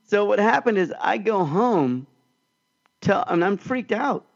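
A man co-hosting a podcast, telling a story in an animated, excitable way. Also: high-pitched, unhurried, gravelly, lo-fi sound. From California. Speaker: podcast co-host. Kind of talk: casual storytelling chat.

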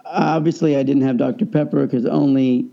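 A man telling a personal story in a casual conversation, animated and acting out the people he quotes. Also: mid-range voice, moderate pace, vocal fry. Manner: animated, acts out quoted voices. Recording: dull lo-fi sound.

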